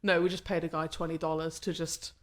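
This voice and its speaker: A woman's voice: low-pitched, fairly quick. A young woman, a podcast guest chatting casually and acting out her stories with lots of laughter. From England. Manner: animated storyteller, laughing, acting out quotes. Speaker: podcast guest, wedding photographer. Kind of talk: casual chat.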